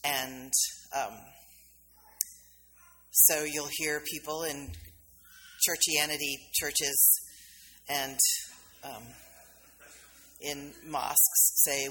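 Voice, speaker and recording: Bright-voiced woman preaching in a hall. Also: deep voice, little pitch movement, very slow, pauses often. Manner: conversational storytelling, acting out quoted voices. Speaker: minister. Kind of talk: sermon. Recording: reverberant hall, faint background noise.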